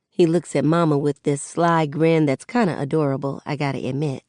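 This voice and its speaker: Woman, audiobook narrator, first-person, conversational, low voice, dry close recording. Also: brisk, hardly any pauses, no room sound. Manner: relaxed, conversational storytelling.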